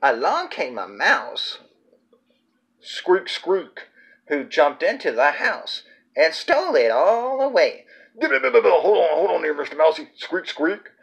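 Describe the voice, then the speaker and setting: A man voicing an excitable stuffed-animal puppet co-host who mocks and gets confused. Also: on the high side, takes it slowly, gravelly, full character voice. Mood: excited. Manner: bouncy, mocking, confused. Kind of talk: puppet comedy sketch.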